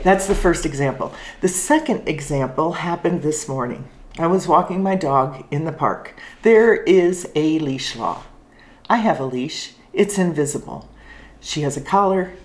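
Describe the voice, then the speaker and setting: An older woman hosting a vlog, telling stories in a calm, reflective way and leaning slowly on key words. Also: on the low side. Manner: calm, reflective storytelling with slow deliberate emphasis. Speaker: life coach host. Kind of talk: casual talking-head vlog.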